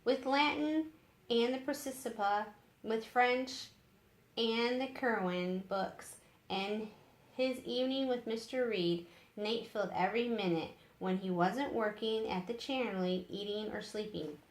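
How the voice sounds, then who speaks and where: A woman storyteller reads a chapter book aloud at an unhurried pace, her voice sitting a little high. She stops now and then to chat with her listeners. The room around her is echoey. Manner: slow, unhurried reading with chatty asides to listeners. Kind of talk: read-aloud storytelling with asides.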